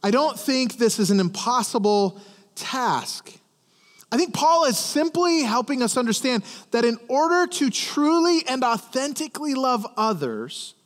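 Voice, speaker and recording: A man delivers a sermon in a high, animated voice that swoops up and down. He talks to the congregation like a friend, stumbling over repeated words and tossing them questions. His voice rings out with a long reverb, as in a big hall. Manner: conversational, stammering restarts, questions to the congregation. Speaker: pastor. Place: church service.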